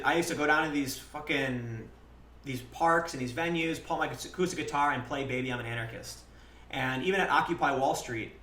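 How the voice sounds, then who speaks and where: A man in his thirties talks through a casual live-stream monologue, blunt and full of swearing, and slips into animated quoted lines from his own past. His voice is bright and forceful. The room around him is echoey. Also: medium pitch. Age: 30s. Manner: blunt and profane, with frequent restarts.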